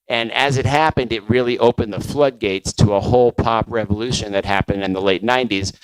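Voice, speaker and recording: A man's voice: on the low side, clean tone, no echo, low-quality recording. A middle-aged man, a record label founder, recounting his career in a loose conversational way with many fillers and restarts. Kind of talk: conference talk storytelling.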